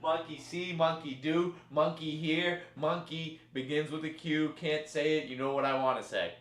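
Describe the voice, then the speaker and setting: A man hosting a live stream, calling a chat horse race with animated play-by-play and banter. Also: a little high, normal speed, roomy sound, slight background noise. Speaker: stream host.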